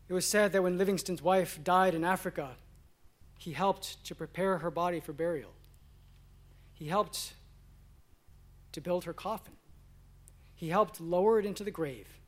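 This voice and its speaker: A pastor preaching a sermon, swinging between emphatic declarations and hushed, quiet asides. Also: male voice, high voice.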